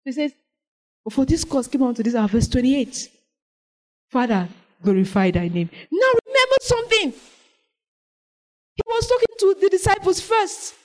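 Woman preacher, sermon, animated, fairly high voice, loud bursts then soft prayer. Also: moderate pace, long pauses, low-quality recording. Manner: animated, swings between loud exclamations and soft prayerful lines.

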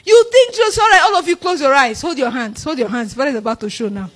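A woman preaching a sermon, animated and laughing often as she acts out the disciples. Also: sits high, quick pace.

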